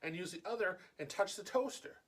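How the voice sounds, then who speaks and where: A man's voice: high-pitched, expressive, fairly quick. A man voicing his curious little sister as a child, feigning innocence in a sweet, coaxing tone. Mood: innocent coaxing.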